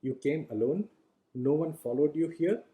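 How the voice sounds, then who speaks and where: A man's voice: on the high side, moderate pace, mellow, lightly acted. A man doing a growling old druid. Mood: gruff urgent. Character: gruff old male druid, secretive, commanding.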